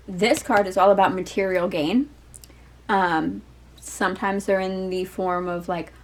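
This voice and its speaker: A woman's voice: on the low side, poor audio. A woman doing a casual, rambling tarot reading for her viewers, full of fillers, asides and the odd swear word. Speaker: tarot reader.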